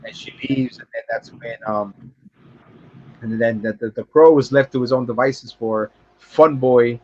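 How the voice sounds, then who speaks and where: A man on a livestream podcast talks through a film scene in a loose, rambling way. He swears a lot and repeats words while he searches for them. His voice sits at an ordinary pitch and comes through dull and lo-fi. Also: fairly even intonation, a little slow, a little mellow. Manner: rambling, profane, acts out scenes in high voices. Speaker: podcast co-host. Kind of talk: casual film review chat.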